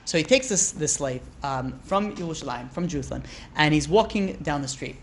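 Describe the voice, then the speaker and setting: A man, a rabbi, teaching a class through lively storytelling, acting out characters' lines and speaking casually with lots of fillers. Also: a little high, fairly quick, a little hiss or hum. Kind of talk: storytelling lecture.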